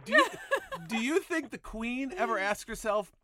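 Playful host with a bright, lively voice. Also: male voice, extremely high pitch, normal speed. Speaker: podcast host. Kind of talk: casual interview chat.

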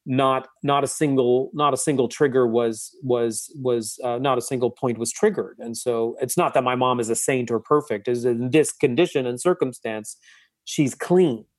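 Male therapist guest, mid-pitched, thoughtful, restarts often, dry close sound. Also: normal speed, no echo. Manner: reflective, with frequent restarts and fillers. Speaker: guest psychotherapist. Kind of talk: conversational storytelling.

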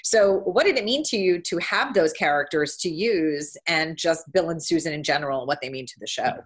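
A woman's voice: deep voice, normal speed. A woman co-interviewer asking admiring, gushing questions of the guest.

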